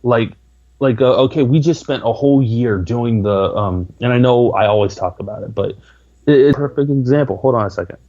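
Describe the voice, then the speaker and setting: A man's voice: medium pitch, fairly quick, warm tone, muffled recording. A man talking as a podcast guest, rambling with lots of filler words. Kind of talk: casual interview talk.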